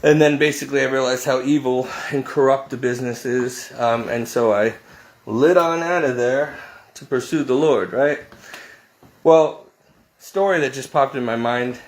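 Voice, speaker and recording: A man's voice: medium pitch, normal speed. A man vlogging a casual story from inside a house, rambling and interrupting himself, laughing often.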